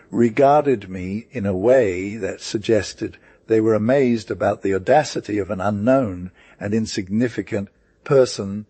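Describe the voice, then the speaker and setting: A man giving a first-person audiobook narration in a steady, measured reading. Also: fairly low pitch, dry recording.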